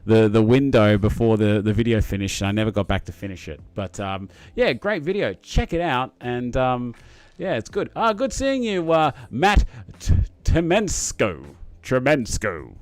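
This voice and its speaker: A man's voice: mid-range voice, very animated, normal speed, no room sound. A young man hosting a casual live stream, chatting to viewers in a rambling, matey way with lots of fillers and restarts. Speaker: livestream host reading chat.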